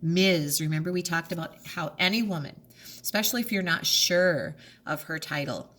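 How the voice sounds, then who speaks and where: A woman's voice: fairly low pitch, normal speed, fairly bright tone. A middle-aged woman teacher giving a remote reading lesson to children, patient and spelling out letters one at a time.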